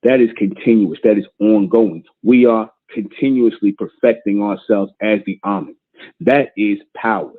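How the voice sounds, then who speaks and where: Host, male, emphatic repetitive preacher; husky voice over a tinny phone line. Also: fairly low pitch, normal speed. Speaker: show host. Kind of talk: preachy call-in show monologue.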